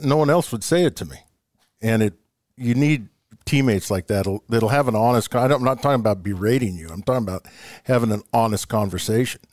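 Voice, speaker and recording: A man's voice: fairly low pitch, darkish tone, dry recording, studio quality. A man, a former ballplayer, telling rambling stories with chuckles as a podcast guest. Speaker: guest, former baseball player. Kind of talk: storytelling in casual chat.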